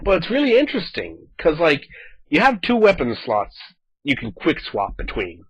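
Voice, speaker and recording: A man chatting casually over his gameplay footage, animated and talkative, acting out quoted lines as he goes. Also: on the high side, moderate pace, slightly rough, dry recording, muffled recording. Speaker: gaming video host.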